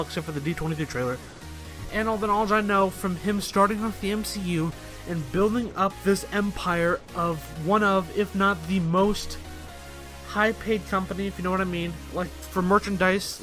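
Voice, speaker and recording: A young man hosting a casual opinion vlog, ranting and swearing with animated energy. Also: sits high. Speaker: host.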